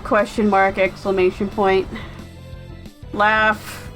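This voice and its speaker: A woman's voice: medium pitch, a little slow, faint music behind, low-quality recording. A woman deadpanning her way through game text aloud, including the punctuation. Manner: deadpan reading of stage cues. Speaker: game streamer reading dialogue aloud.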